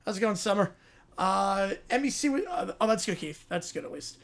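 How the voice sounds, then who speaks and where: A man hosts a live sports reaction stream, casually reading viewer messages and answering them offhandedly. His voice is high and animated, with a moderate pace and a fairly bright tone.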